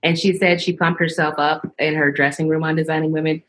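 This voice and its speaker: Brief: woman guest, writer, lower voice, laughs through her lines. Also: level tone, fairly quick. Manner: laughs often while talking. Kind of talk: casual chat.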